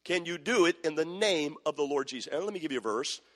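A man's voice: a little high, animated, fast. A man preaching a sermon, firmly repeating questions to the congregation and quoting verses in old scripture wording. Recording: long hall reverb.

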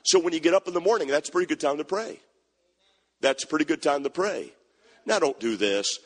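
A man's voice: a little high, expressive, a little fast, in a large hall. A man preaching a folksy sermon, quoting scripture and repeating key phrases. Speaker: pastor.

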